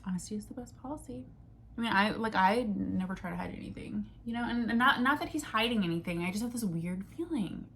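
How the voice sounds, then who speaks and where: A woman's voice: mid-range voice, animated, quick pace, a bit bright. Rambling, swearing young woman. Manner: rambling, swears freely, restarts and jumps between thoughts. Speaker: vlogger. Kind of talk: casual venting vlog. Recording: faint background noise.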